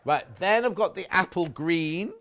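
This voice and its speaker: A man's voice: high voice, animated, measured pace, a bit bright. A man presenting fabrics on a live shopping channel, chatty and gushing, stopping often to correct himself. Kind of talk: live TV sales pitch.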